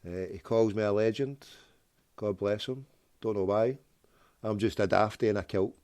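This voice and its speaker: A man's voice: lowish voice, moderate pace, a little mellow, no room sound. Rambling man host. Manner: rambling, goes off on tangents, jokey wordplay. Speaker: prank call show host. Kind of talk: rambling solo talk with prank calls.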